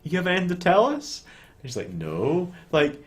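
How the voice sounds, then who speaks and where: A man co-hosting a casual film chat, retelling scenes with animated storytelling and frequent swearing. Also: sits high, normal speed. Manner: animated storytelling, swears freely, quotes characters in little voices. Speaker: podcast co-host.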